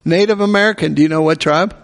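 This pastor talks fast with vocal fry in a slightly high voice, repeating aloud each response the congregation calls out during his sermon. Echoey hall reverb fills the recording.

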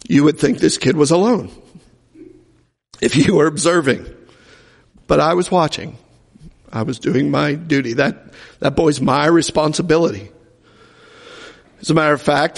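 A male pastor preaches with emphasis, stacking up rhetorical questions. His voice is gravelly and set somewhat high. Long reverb from a large hall trails behind him. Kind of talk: sermon.

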